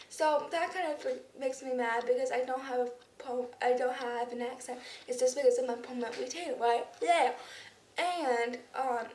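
A woman's voice: high voice, normal speed, a little mellow. A young woman vlogging casually, rambling with lots of ums and restarts, her speech slightly unclear. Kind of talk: casual vlog to camera. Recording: roomy echo, somewhat far from the mic, faint background noise.

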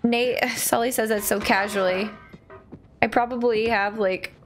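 A woman streamer giving casual, joking commentary while playing a video game, often shouting reactions. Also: on the high side, fairly even intonation, unhurried. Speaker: gaming streamer. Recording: game audio and music playing behind. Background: game music.

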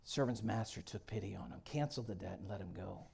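A middle-aged man preaching a sermon. He tells the story dramatically, swinging from loud to hushed. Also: fairly low pitch, fast, gravelly, slightly rough. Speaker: guest pastor.

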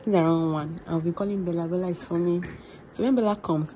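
A woman's voice: fairly low pitch, quick pace, slight background noise. Chatty woman vlogger. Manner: chatty, laughing, animated. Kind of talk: casual vlog chat.

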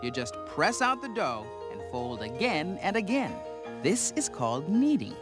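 A man presenting a children's TV show, talking straight to the viewer with a playful touch. His pitch swoops high and low all the time, and soft music plays faintly behind him. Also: huge pitch swings, unhurried. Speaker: host.

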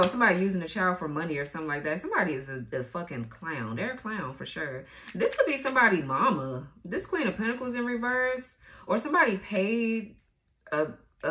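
A woman's voice: lowish voice, animated, a little fast, a bit bright. A woman giving a casual tarot reading, blunt and profane, laughing often as she goes. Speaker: tarot reader.

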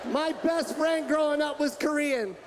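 A male stand-up comedian delivers punchy, shouted lines in a very high, strained register. His live stage mic picks up a roaring audience and heavy noise throughout. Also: measured pace. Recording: live show mic, loud crowd laughter.

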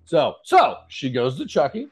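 A male co-host in casual podcast banter who drops wry, deadpan asides. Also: fairly high pitch, measured pace, breathy edge, low-quality recording.

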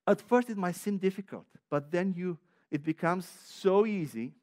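A man's voice: sits high, moderate pace, a little mellow. A man preaching a sermon as a pastor. He talks with heavy emphasis and repetition, often restarting his sentences, and mixes in personal asides with light laughter.

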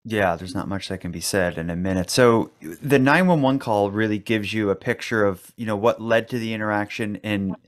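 Calm, lower-voiced male interviewer. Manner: calm, measured questions with soft affirmations. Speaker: podcast host, interviewer.

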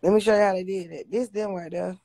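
A woman's voice: mid-range voice, steady tone, quick pace, dark tone, dry recording. A woman hosting a casual livestream on her phone, blunt, profane and confrontational as she talks to viewers. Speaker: livestream host.

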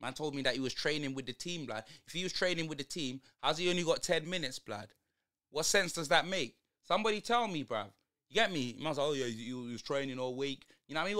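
A man's voice: fairly high pitch, expressive, fast talker, sharp tone. A young man ranting through a live football watch-along, heavy on street slang and exasperation.

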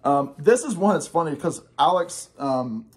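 A man's voice: fairly high pitch, expressive, moderate pace. A young man chatting casually and rambling enthusiastically, with lots of fillers, about records he bought. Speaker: guest record collector.

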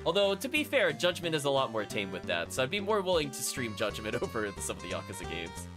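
A man's voice: medium pitch, wildly swooping pitch, quick pace, hardly any pauses. Musing man streaming a game. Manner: musing, self-conscious, frequent restarts and laughs. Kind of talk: casual let's-play commentary. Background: game music.

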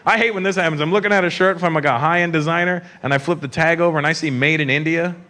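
A man doing a stand-up comedy set on stage, brashly teasing the audience and slipping into quick voices. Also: a little high, fairly even intonation, bright, forceful tone. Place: on stage in a large comedy venue. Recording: live show with crowd laughter and ambience.

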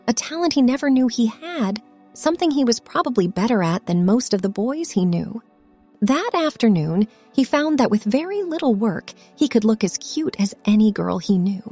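A woman narrating a scripted story in an expressive reading voice. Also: mid-range voice. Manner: expressive, acts out the characters' lines. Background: faint background music.

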